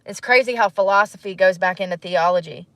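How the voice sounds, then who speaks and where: Woman, thirties, casual vlog monologue, reflective, animated, laughs, mid pitch, dry sound. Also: brisk, no room sound. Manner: musing, animated, laughs often. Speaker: vlogger.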